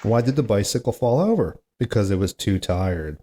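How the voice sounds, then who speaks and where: A man's voice: on the low side, sing-song, moderate pace, warm tone, some chatter behind, slight background noise. Man groaning at his own corny jokes. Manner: self-mocking, groans at his own bad jokes, chatty asides. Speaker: podcast host. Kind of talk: solo comedy podcast, reading corny jokes.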